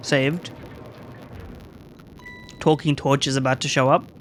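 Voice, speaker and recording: A man's voice: medium pitch, level tone, takes it slowly, soft background music. A man casually commenting while playing a video game, reading the game's text aloud and swearing offhandedly.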